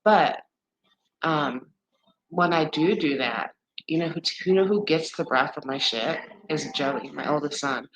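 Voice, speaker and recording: In this poor-quality audio, a woman in her forties speaks at a moderate pace in a low-pitched voice. She's hosting a live stream, chatting casually with viewers in a candid, rambling way and swearing freely.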